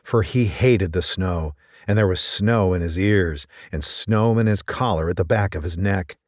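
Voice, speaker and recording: A man reading a children's story aloud in a gentle, expressive manner. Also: sits low, measured pace, no echo, studio quality.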